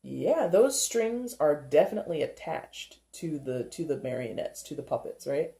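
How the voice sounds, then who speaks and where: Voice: mid-range voice, expressive, normal speed, creaky, warm tone. A tarot reader giving a casual reading, chatty and thinking aloud, with frequent laughs. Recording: roomy echo.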